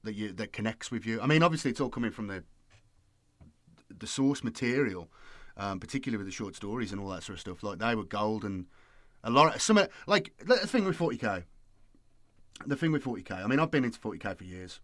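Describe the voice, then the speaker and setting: A man's voice: fairly low pitch, animated, quick pace, fairly bright tone, dry recording, clean studio sound. A man hosting his channel, chatting casually and rambling with lots of fillers. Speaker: YouTube host. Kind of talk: casual late-night chat.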